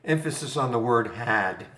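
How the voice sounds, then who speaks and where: A man's voice: mid-range voice, expressive, a little slow, fairly bright tone. Rambling man in a roomy room. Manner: rambling, chuckling, thinking aloud. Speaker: trading room host. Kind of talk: live trading stream chat. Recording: roomy echo.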